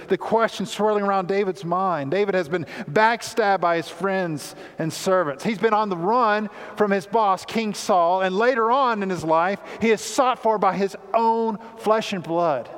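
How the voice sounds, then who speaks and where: High-voiced man preaching in a reverberant church. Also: a little slow, clean tone. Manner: rises loud and high when reading cries, drops low to explain. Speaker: pastor. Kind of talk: sermon. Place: church sanctuary. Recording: long hall reverb.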